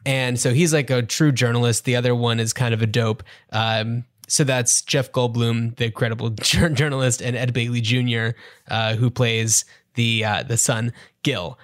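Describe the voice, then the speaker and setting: A man's voice: mid-range voice, fairly even intonation, normal speed, no echo, clean studio sound. A man in his thirties co-hosting a podcast, chatting casually and summarizing a movie with frequent fillers. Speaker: podcast co-host. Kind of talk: casual chat.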